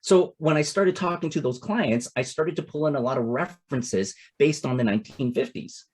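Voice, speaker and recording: A man's voice: a little high, moderate pace, slightly rough. A man in his forties from Toronto, Canada, giving a casual instructional talk as a capital-raising coach. He talks conversationally and often drops in "it's like" and "right?". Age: 40s.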